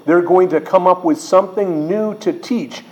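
A middle-aged man, a pastor teacher, preaching a sermon in an emphatic way, slowing and rising on quoted words. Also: high voice, poor audio.

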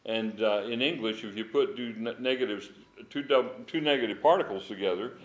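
A middle-aged man teaching an informal Bible study from home, emphatic and animated, with a strained voice and chuckling asides. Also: medium pitch, fairly quick, dull audio. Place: at home with dogs.

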